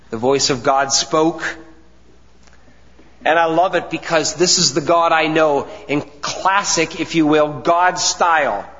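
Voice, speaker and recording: A man preaching a sermon, with earnest emphasis, deliberate pauses and soft asides. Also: a little high. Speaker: pastor. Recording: dull sound with long hall reverb.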